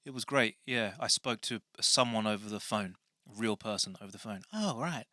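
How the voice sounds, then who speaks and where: A man's voice: fairly low pitch, steady tone, a little fast, bright, forceful tone, no echo, clean studio sound. A man hosting his podcast in casual, rambling chat with many restarts. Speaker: podcast host.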